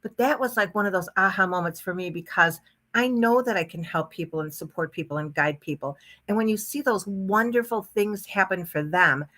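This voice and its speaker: A woman's voice: mid-range voice, moderate pace, fairly bright tone. A woman guest telling stories in a casual podcast chat, chatty and enthusiastic about her hypnosis work.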